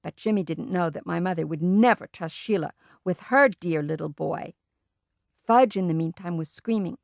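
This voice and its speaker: Steady woman reading a storybook. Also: lowish voice, normal speed, gravelly, dry recording, clean studio sound. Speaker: audiobook reader. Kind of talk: children's book read-aloud.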